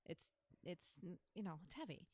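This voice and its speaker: A woman guest on a podcast, chatting casually and animatedly and demonstrating vocal warm-ups. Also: fairly low pitch, animated, normal speed, husky, no room sound.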